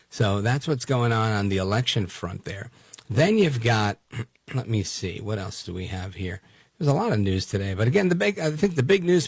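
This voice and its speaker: A man's voice: lowish voice, slightly rough, dry recording, studio quality. A man hosting talk radio, going over the news in a loose, joking way with many fillers.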